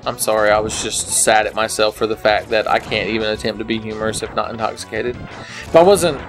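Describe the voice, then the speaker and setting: A young man slurring a little while drinking, giving rambling, profane commentary on a game as he plays it, swinging between low mutters and sudden yells. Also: brisk, faint music behind. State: slightly drunk, slurring. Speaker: gaming video maker. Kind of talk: drunken let's play commentary. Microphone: headset.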